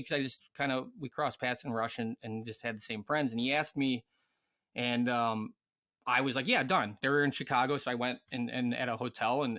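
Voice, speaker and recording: A man who is a former pro hockey player, telling casual stories as a podcast guest, full of fillers and swearing. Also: mid-range voice. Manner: animated, swears freely, many fillers. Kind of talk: casual storytelling chat.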